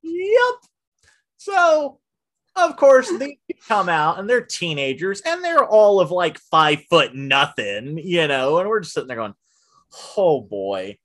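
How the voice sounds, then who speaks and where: A man in casual conversation, animatedly telling a story from his job managing a theater, often dropping to hushed asides when quoting himself. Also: sits high, sing-song, unhurried.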